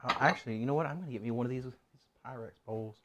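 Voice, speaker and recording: A man's voice: medium pitch, rapid-fire, background noise. A man talking his way through a cooking stream, his voice sitting in an ordinary middle range. He rambles and mutters to himself as he works at the stove in a home kitchen. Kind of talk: casual cooking stream chatter.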